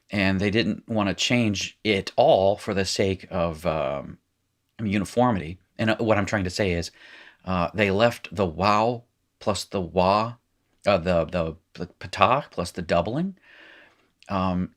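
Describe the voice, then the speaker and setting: A man teaching a recorded language lesson, talking through exercises in a rambling way with restarts and wry asides. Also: low-pitched.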